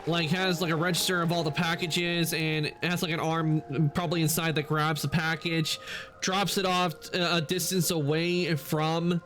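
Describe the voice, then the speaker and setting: Male streamer, slightly high voice, loose rambling chat over gameplay. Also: level tone, moderate pace, fairly bright tone, soft background music. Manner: rambling, heavy with "like" fillers.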